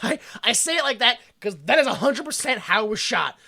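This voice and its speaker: A podcast co-host recapping a movie in rambling, profane, casual comedic chat, laughing often. The voice is bright and gravelly and swings widely in pitch. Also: animated, brisk.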